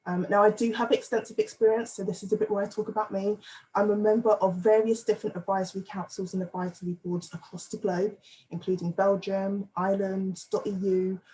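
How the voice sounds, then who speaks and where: A woman's voice: mid-range voice, level tone, brisk, mellow, poor audio. A woman giving a playful, self-deprecating but earnest candidate speech over a video call. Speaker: candidate for advisory council.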